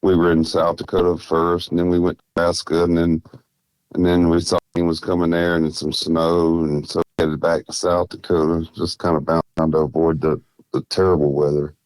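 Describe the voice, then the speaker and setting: A man's voice: deep voice, little pitch movement, moderate pace, a little mellow, no room sound. A tired man with a mild South Carolina Southern accent, chatting loosely as a podcast guest and laughing easily. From South Carolina, USA. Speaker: guest turkey hunter. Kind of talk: casual podcast chat. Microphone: remote line.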